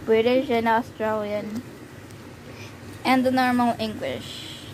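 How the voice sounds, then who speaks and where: A young Filipina gamer gives casual commentary while playing a video game, getting flustered easily. Her voice is fairly high and darkish in tone, with fairly even intonation and a slow pace. The audio is poor, with faint background noise.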